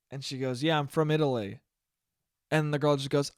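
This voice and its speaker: A young man hosting a solo podcast, telling stories in a sarcastic, animated way and mocking people with quoted voices. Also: medium pitch, moderate pace, clear, resonant tone, no echo, studio quality. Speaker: podcast host. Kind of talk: solo comedic podcast rant.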